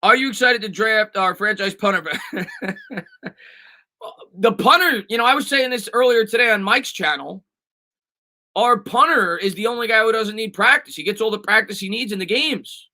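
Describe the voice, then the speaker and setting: A man's voice: high voice, brisk, bright, forceful tone, poor audio. A man hosting a casual live sports stream, reading viewer questions aloud and answering with lots of fillers and restarts.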